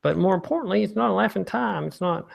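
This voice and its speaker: A man reading out a letter in the voice of an earnest, worried male writer from the Deep South, rambling loudly and insistently. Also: fast talker, gravelly. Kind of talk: mock press conference letter reading.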